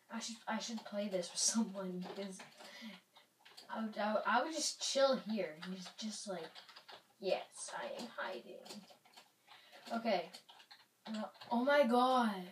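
A young woman casually commenting on a video game she is playing, rambling and playful, sometimes dropping to a whisper. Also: a little high. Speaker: gaming YouTuber. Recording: roomy, distant mic, faint noise.

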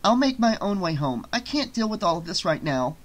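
A male audiobook reader voicing a nervous young woman who talks high and hesitantly. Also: sing-song, a little fast. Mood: shaky.

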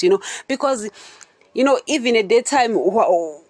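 A woman's voice: fairly high pitch, animated, normal speed, no room sound. A woman hosting a Christian podcast, teaching in a casual, chatty way and often asking her listeners if they understand. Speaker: podcast host.

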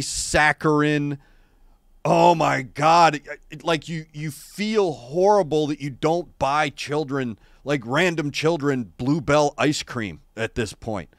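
A middle-aged man hosting a casual livestream chat, telling rambling, wry and animated stories into a streaming microphone. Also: fairly high pitch, dry recording, clean studio sound. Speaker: show host. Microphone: adjustable streaming microphone.

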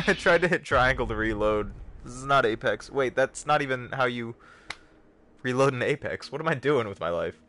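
A man's voice: mid-range voice, animated, normal speed, pushed and bright. Joking male game streamer. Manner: joking, self-mocking, talks to chat. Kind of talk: casual gameplay commentary.

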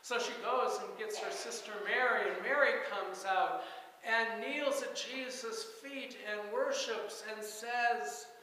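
A male pastor delivers a sermon in a high, sharp, forward voice, pacing every phrase slowly. He tells the story with measured weight and dramatic emphasis. The sound is roomy, with a long reverb tail and faint ambience behind it. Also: fairly even intonation.

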